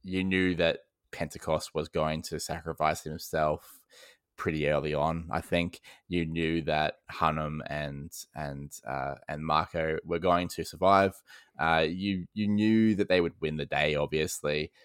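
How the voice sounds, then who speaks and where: A man's voice: rumbling low, fairly even intonation, measured pace, smooth, no echo, clean studio sound. An Australian man hosting a casual film podcast, ranting animatedly and breaking into laughs. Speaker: podcast host.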